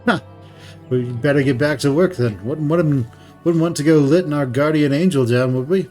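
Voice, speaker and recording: A man voicing a gruff, rough-spoken mount breeder in a game reading, with a put-on, shaky Eastern European accent and rambling, folksy storytelling. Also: fairly high pitch, moderate pace, dark tone, faint music behind, natural voice. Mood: brisk.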